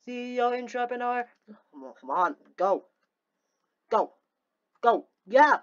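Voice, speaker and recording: Excitable woman narrating her gameplay. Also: on the high side, a little slow, muffled recording. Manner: excitable, talks to herself, bursts into playful theatrical gloating. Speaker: gaming video host. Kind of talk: casual gameplay commentary.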